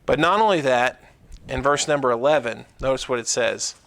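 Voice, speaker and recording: Church guy preaching a sermon, chatty, lots of "right?" and "you know", kinda gravelly. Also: mid-range voice, normal speed, fairly bright tone. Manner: conversational preaching with many fillers and tag questions. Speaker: pastor.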